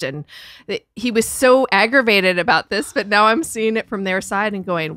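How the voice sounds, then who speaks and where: A woman's voice: mid-range voice, lively intonation, moderate pace, fairly bright tone, dry recording, clean studio sound. A woman guest on a podcast, telling a story about her in-laws in casual chat.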